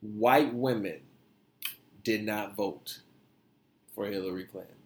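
A man's voice: fairly low pitch, takes it slowly, a little hiss or hum. A man hosting a podcast, ranting in casual opinion chat with profane, emphatic energy. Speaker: podcast host.

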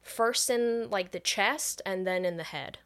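A woman's voice: medium pitch, a little slow, smooth. A woman podcast co-host retelling a movie plot in casual chat, swearing freely and quoting characters as she goes. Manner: profane, animated recap with quoted voices.

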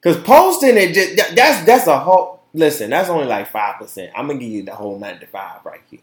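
A man's voice: on the high side, very animated, fairly quick, roomy sound. Impassioned man ranting on his podcast. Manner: impassioned, profane, repeats words, swings from shouting to quiet. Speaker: podcast host. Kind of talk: casual opinion podcast monologue.

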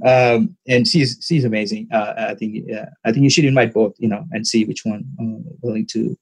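A man whose first language is Tamil, a podcast guest talking casually and haltingly, with lots of fillers. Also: fairly low pitch, vocal fry, breathy edge, rough recording. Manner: relaxed, halting, many fillers. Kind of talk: casual interview talk.

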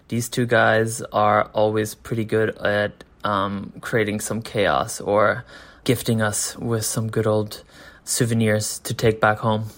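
A man hosting a podcast, putting a long question to a guest in a slow, measured way. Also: fairly low pitch, a bit bright. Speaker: podcast host. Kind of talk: casual interview question.

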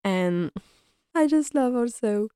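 A woman's voice: a little high, expressive, slow pace, mellow, smooth, dry recording, studio quality. A young woman giving a casual, enthusiastic episode recap as a fan reviewer, laughing often and using lots of fillers.

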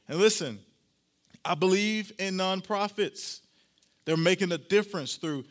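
A pastor, a man, preaching a sermon, repeating key phrases, slowing down to stress them, and often talking straight to the congregation. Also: high voice, fairly bright tone. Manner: addresses the congregation directly and often.

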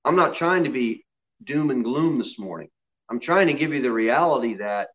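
A man's voice: medium pitch, expressive, normal speed, fairly bright tone, highs cut off. Man preaching a dynamic sermon. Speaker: pastor. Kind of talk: expository sermon. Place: church sanctuary.

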